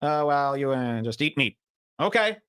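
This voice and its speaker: A man hosting a podcast, giving sarcastic, mocking commentary over clips he plays and telling animated stories. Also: medium pitch, normal speed, clean tone. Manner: sarcastic, mimicking, animated storytelling. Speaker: podcast host.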